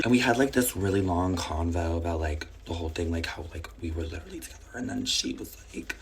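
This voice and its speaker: A young woman with a raspy, sick-sounding voice, telling a casual storytime with blunt, swearing asides. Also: very deep voice, animated, fast, few pauses, crowd noise.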